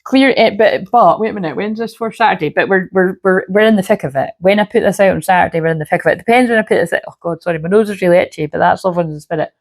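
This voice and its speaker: A woman with a low, gravelly voice gives a casual spiritual reading to camera. Her throat is sore and a little rough from filming. She rambles, swears freely and keeps checking in with "you know what I mean". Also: fast talker, hardly any pauses. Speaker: shamanic healer and spiritual reader.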